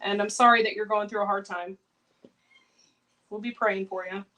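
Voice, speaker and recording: A woman's voice: mid-range voice, steady tone, normal speed, pushed and bright, a little hiss or hum, low-quality recording. A woman chatting casually on a cooking livestream, laughing and reacting to viewer comments. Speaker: home canning livestream host.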